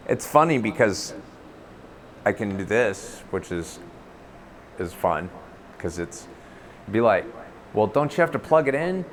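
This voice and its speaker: At home, a livestreamer with a lowish, fairly bright voice chats slowly and casually, rambling and poking fun at himself while talking to his cats. A clip-on lapel mic keeps his voice close and clear, with a faint hiss underneath.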